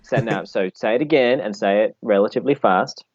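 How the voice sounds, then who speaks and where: A man's voice: on the low side, a little fast, husky, no room sound, highs cut off. A young Australian man chatting as a guest, teasing and joking with his hosts. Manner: playful, teasing. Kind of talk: casual chat.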